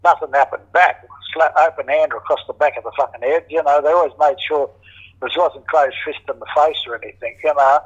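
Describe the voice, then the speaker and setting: A man's voice: fairly high pitch, steady tone, a little fast, slightly rough, muffled recording. An older Australian man in a casual interview, telling stories bluntly, swearing freely and acting out what others said. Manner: blunt, swears freely, acts out quoted voices. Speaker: interviewee, former criminal. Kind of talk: casual storytelling.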